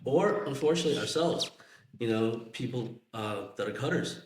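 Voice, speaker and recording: A man's voice: medium pitch, expressive, moderate pace, roomy sound, a little hiss or hum, poor audio. A man co-hosting a podcast, explaining ideas and checking in with "right?" and "you know". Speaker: podcast co-host. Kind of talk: casual chat.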